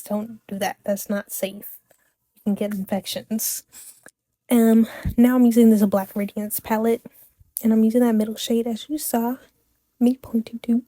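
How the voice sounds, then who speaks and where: A young woman gives a relaxed, chatty voice-over for a makeup tutorial. Her voice sits slightly high but sounds warm and mellow. She tosses in playful asides, corrects herself on the fly, and is recorded close and dry with no room sound. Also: dry recording. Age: young adult. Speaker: makeup vlogger.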